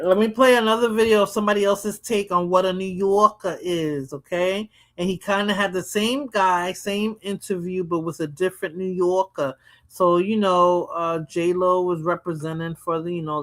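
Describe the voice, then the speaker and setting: A woman hosting a livestream, chatting bluntly about viral clips and saying "you know" a lot. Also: fairly low pitch. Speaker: livestream host. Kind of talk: casual commentary on viral clips.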